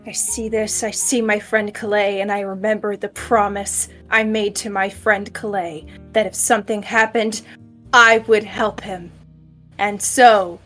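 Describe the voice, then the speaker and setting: A woman's voice: medium pitch, fairly bright tone. A woman playing a tabletop game, narrating her character's actions with playful asides. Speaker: player. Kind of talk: casual tabletop play.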